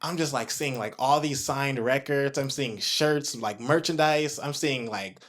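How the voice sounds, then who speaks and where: A man in his twenties telling a story in casual chat, animated and full of "like" fillers. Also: measured pace. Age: 20s. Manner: animated, acts out his own reactions in a high excited voice; heavy use of filler "like". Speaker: guest, producer and audio engineer.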